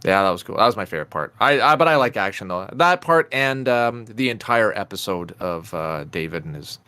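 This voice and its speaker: A man's voice: on the low side, a little fast, smooth, no echo. Young guy, rowdy podcast co-host, dry close mic. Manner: animated, swears a lot, acts out scenes. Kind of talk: casual chat.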